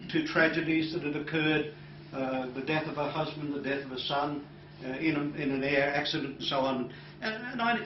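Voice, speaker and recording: Male hypnotherapist lecturer, slightly high voice, unhurried anecdote with many pauses, captured distant and roomy. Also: highs cut off, a little hiss or hum. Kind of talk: recounting a client case to an audience.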